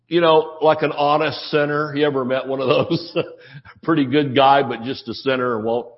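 A man preaching a sermon as pastor, folksy and joking, acting out the quotes of the people he talks about. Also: a little high. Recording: dull lo-fi sermon audio.

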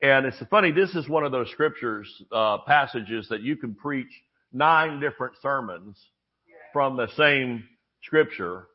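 A man's voice: medium pitch, measured pace. A man preaching a sermon, telling stories with acted-out voices and jokes. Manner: storytelling preacher, animated, acts out voices and jokes. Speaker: pastor. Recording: dull lo-fi sermon audio.

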